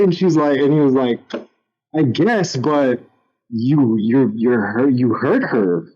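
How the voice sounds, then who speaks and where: A man's voice: medium pitch, animated, takes it slowly, dark tone, muffled recording. A young man telling a personal story in casual chat, candid and frank, often raising his voice to act out what others said. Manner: candid storytelling, acts out quotes in raised voices. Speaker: podcast guest.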